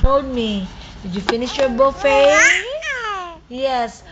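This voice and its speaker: Woman, high voice, coaxing baby talk, repetitive questions, lo-fi noisy home video. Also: takes it slowly. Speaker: parent talking to a baby. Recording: lo-fi home video with background noise.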